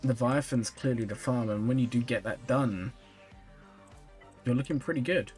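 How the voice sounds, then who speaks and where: A man's voice: mid-range voice, normal speed, soft background music. A tired man chatting casually on a live stream, answering viewers' questions. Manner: relaxed, chatty, reads and answers chat comments with small laughs. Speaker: streamer reviewing viewers' game accounts.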